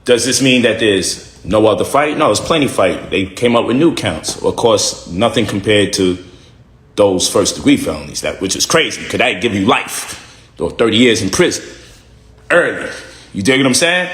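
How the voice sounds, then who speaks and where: A man's voice: fairly low pitch, animated, normal speed, fairly bright tone. Man, emphatic, repeats himself, echoey room. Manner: emphatic, repeats key phrases. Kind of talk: recorded video statement.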